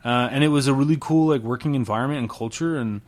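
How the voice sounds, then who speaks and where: A man's voice: mid-range voice, quick pace. Laid-back man telling chef stories. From Salt Lake City, Utah. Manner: relaxed storytelling, many fillers, laughs and swears. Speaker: chef, podcast guest. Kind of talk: casual interview chat.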